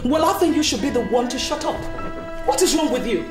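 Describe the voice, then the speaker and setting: An actress with a Nigerian accent playing a sharp-tongued society lady who snaps back at a rival. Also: sits high, lively intonation, a little fast. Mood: defiant. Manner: retorting, argumentative. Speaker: actor in a film. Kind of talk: melodramatic film acting. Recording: distant echoey room over loud music.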